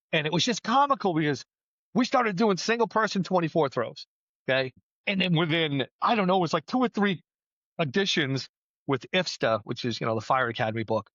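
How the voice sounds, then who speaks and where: A middle-aged man, a battalion chief, telling firefighting stories in a casual podcast chat, plainspoken and lively. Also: on the high side, dry recording, highs cut off. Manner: storytelling, animated, plainspoken with mild swearing.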